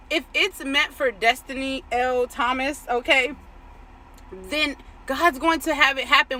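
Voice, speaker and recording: A woman's voice: high voice, sharp tone, slight background noise, low-quality recording. A woman who coaches on faith, telling a personal story in a chatty way, full of "like" and "right?" and affirmations about trusting God. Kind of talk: casual faith talk. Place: outdoors. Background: passing vehicles.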